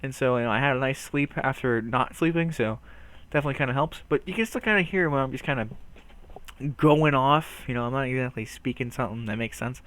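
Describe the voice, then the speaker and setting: A man's voice: mid-range voice, fast talker, a bit bright. A young man rambling through a casual video, goofy and self-mocking, often stumbling and restarting his words. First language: English. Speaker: video host.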